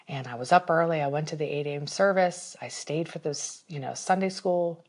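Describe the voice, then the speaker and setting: A woman with a low voice tells a personal story in casual podcast chat. She talks with animation and open emotion. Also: normal speed.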